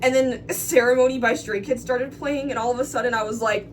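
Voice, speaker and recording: Young woman co-host, high-ish, animated storyteller, a little off-mic with light hum. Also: a little fast, hardly any pauses, far from the mic. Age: young adult. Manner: animated, swearing, laughing through the story. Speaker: vlog co-host. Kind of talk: casual storytelling. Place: dorm room.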